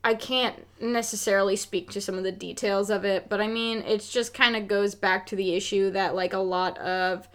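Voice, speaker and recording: A woman's voice: mid-range voice, fairly even intonation, moderate pace, hardly any pauses. A woman co-hosting a podcast, chatting casually and frankly about a film, with lots of filler words and the odd swear. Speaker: podcast co-host. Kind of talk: casual film review chat.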